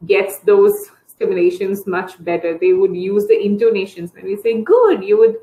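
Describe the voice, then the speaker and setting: A woman therapist explaining language techniques to parents in a training session, breaking into high sing-song voices to model how to talk to children. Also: little pitch movement, moderate pace, mellow, roomy sound, low-quality recording. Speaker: early intervention therapist. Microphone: video call.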